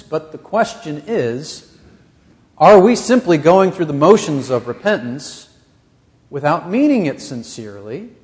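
A man's voice: on the high side, a little mellow, in a large hall. A man preaching a sermon as pastor of a church, earnest and pressing his points with rising emphasis.

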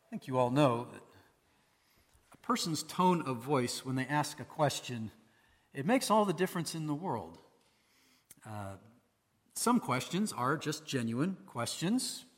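A man's voice: mid-range voice, very animated, unhurried, long pauses, fairly bright tone, big-room sound. A man preaching a sermon in a conversational way, posing rhetorical questions to his listeners. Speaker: pastor.

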